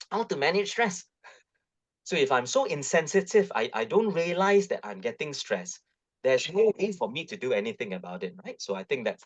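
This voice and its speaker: A middle-aged man with a Malaysian English accent gives a webinar talk on parenting, coaxing and lively, full of tag questions. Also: on the high side. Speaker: guest speaker. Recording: dull lo-fi webinar audio.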